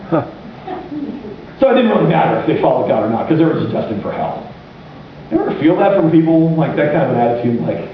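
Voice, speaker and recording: A man delivers a lively sermon, his high voice swinging widely as he acts out quoted speech. The sound is captured from far off in a very echoey church hall. The recording is muffled, with faint noise underneath. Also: a little fast. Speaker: pastor. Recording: distant, muffled room mic with faint noise.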